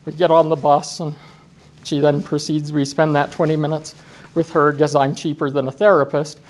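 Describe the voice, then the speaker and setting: A man's voice: a little high, moderate pace. A man giving a conference talk as a driver trainer, telling self-deprecating stories and acting out what people said. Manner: animated, self-deprecating storyteller acting out quotes. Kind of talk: storytelling presentation. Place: conference session room.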